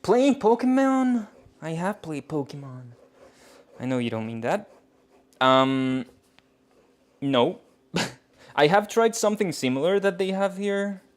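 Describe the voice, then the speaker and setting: A man's voice: fairly high pitch, a little slow, pauses often. A man chatting casually on a cooking live stream, joking about himself and laughing often. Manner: giggly, joking, self-mocking.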